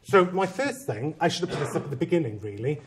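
A man who is a head teacher, giving a conference talk and telling a story with humor and animated, self-mocking asides. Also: fairly high pitch, quick pace, a little hiss or hum.

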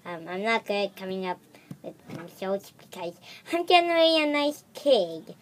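A woman voicing a gentle, nice toy-pet girl who speaks softly and mildly. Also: mid-range voice, animated, normal speed, a little hiss or hum, voice pushed down, natural voice.

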